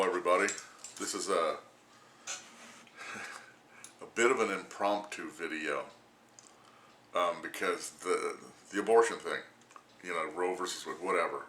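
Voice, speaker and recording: A man's voice: low-pitched, steady tone, moderate pace, pauses often, fairly bright tone, reverberant, a little hiss or hum. A man in his sixties ranting casually to camera, rambling and crude, laughing often as he talks. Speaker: vlogger.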